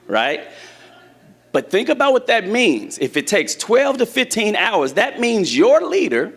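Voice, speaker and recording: A church teacher preaches a sermon in a conversational way, asking the congregation questions. His voice is on the high side with a fairly bright tone.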